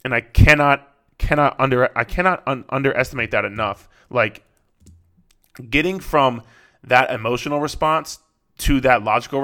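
A man's voice: medium pitch, sharp tone. Male podcast host and coach, casual and profane, repeats points, mid-range voice. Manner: blunt, profane, repetitive coaching talk.

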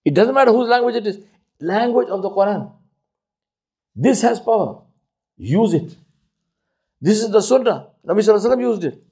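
A man giving a religious talk on outreach. He is emphatic and repeats his points, swinging between loud high stresses and low quiet asides, and slows down to press key phrases. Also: expressive, gravelly, slightly rough. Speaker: Islamic lecturer.

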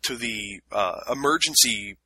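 A man's voice: on the low side, unhurried, pushed and bright, slightly rough, dry recording, low-quality recording. A man co-hosting a casual film review chat, blunt and sardonic, swearing freely. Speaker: podcast co-host reviewing a film.

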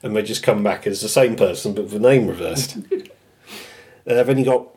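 A man's voice: fairly low pitch, normal speed, darkish tone. A man with a British accent hosting a podcast in casual chat, working through a list and laughing often as he goes. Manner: chatty, laughs often while listing quotes. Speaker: podcast host.

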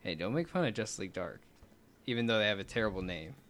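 A man's voice: on the low side, animated, fast, a bit bright. A man hosting a casual podcast chat, reading script lines aloud and adding jokey asides. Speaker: podcast host.

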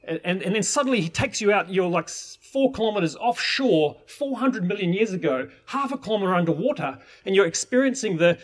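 A man's voice: high voice, expressive, a little fast, few pauses. A man teaching permaculture in an enthusiastic, rambling way, with many restarts. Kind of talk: informal teaching talk.

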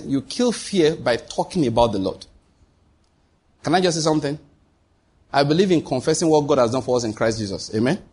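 Guy preaching, husky voice, kinda high, keeps asking the crowd questions. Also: a little mellow. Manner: call-and-response preaching, rhetorical questions. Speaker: pastor. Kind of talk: sermon.

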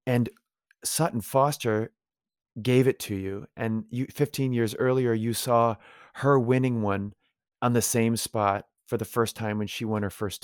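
A man's voice: medium pitch, darkish tone, no room sound, studio quality. A male actor as a guest in a casual interview, telling long, effusive, rambling stories.

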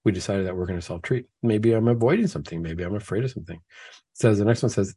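Husky-voiced man, dry and close. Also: fairly low pitch, fast talker, warm tone, no echo. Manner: acts out imagined excuses in a raised voice; builds points through repeated questions. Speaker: host of a Catholic talk show. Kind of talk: conversational faith talk.

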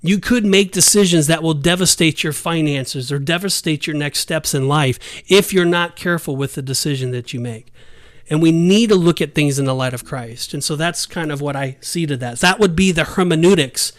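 A man's voice: a little high, normal speed, dry recording. A man co-hosting a casual Bible discussion podcast who talks emphatically and acts out the scenes he describes. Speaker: podcast co-host.

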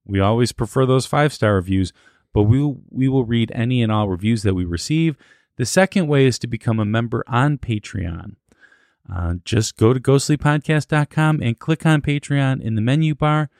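A man co-hosting a podcast in casual chat, with a teasing, deadpan humor. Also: mid-range voice, normal speed, no room sound, studio quality. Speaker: podcast co-host.

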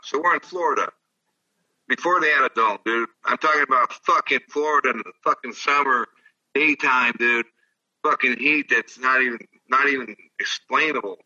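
An older man, once a baseball player, appears as a guest and tells rambling, profane stories in casual chat. His mid-range voice is bright, husky and forceful, but he sits far from the mic and the recording sounds muffled.

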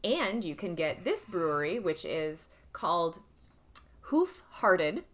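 A young woman co-hosting a casual chat, telling animated stories and laughing often. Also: fairly low pitch, unhurried. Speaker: podcast co-host.

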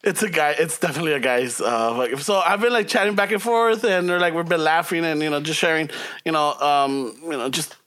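A man in his forties who rambles in casual bilingual chat, halting and swearing, often laughing. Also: fairly high pitch, fairly bright tone. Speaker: podcast co-host. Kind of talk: casual bilingual chat, mixing English and Spanish.

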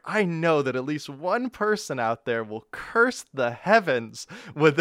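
Man, podcast host, rambling, animated pitch, dry close recording. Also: clean tone, no echo. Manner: rambling, self-mocking, laughs often. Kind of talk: casual game review podcast.

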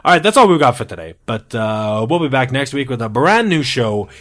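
A man's voice: medium pitch, sing-song, brisk, a bit bright. A man hosting a podcast in casual banter, teasing his co-hosts and laughing often. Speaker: podcast host.

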